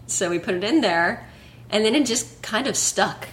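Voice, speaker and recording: A woman's voice: mid-range voice, normal speed, slight background noise. A woman joining an interview as a guest, chiming in with short remarks. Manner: chimes in with short, lively remarks. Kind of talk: casual interview talk.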